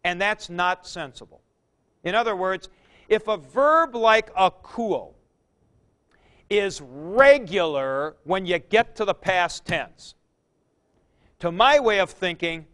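A man's voice: high voice, fairly bright tone, clear, resonant tone. A man lecturing a class on Greek verbs, drilling forms aloud and stressing key points. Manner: drills verb forms aloud, emphatic asides. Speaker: Greek teacher.

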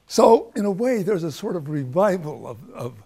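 An older man gives an informal lecture, answering students in a loose, anecdotal ramble. His voice sits a little high, with a gravelly fry and a husky, rough edge. He keeps restarting his sentences as he works toward his point. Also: very animated, moderate pace, warm tone. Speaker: professor speaking to students.

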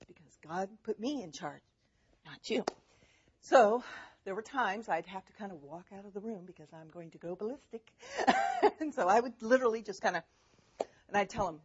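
A woman speaking as a mother giving faith-based parenting advice, animated and chatty, laughing often as she talks. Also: mid-range voice, moderate pace, slightly rough, lo-fi sound.

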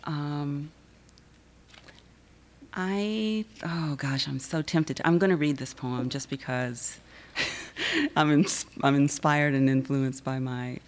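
Low-voiced woman poet reading aloud. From Southern United States. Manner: measured, rhythmic recitation with chatty asides between poems. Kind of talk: poetry reading. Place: university reading event.

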